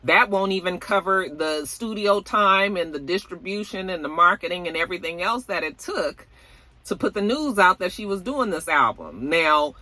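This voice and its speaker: Chatty woman with a bright, forceful voice. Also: on the low side, expressive, normal speed, no room sound. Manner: chatty, talks straight to viewers with fillers. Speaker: YouTube celebrity gossip host. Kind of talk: casual commentary to viewers.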